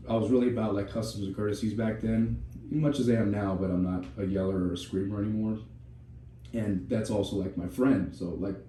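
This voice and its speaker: A young man tells a personal story on a podcast, swearing freely and restarting his sentences often. His voice is low and very dark. He sits back from the mic in a strongly echoing room, with faint noise underneath. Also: distant mic. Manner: candid, profane storytelling with many restarts. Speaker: podcast co-host.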